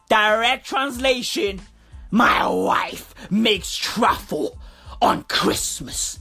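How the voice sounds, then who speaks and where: A woman with a husky voice, doing a profane, slang-heavy comic rant. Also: fairly high pitch, takes it slowly, faint music behind. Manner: profane, repetitive, animated slang. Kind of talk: comedic rant monologue.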